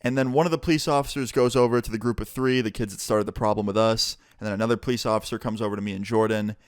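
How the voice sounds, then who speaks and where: A young man telling a storytime vlog in a casual, animated way, swearing freely, recorded on a close mic. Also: fairly low pitch, very fast, clear, resonant tone, no room sound. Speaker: vlogger.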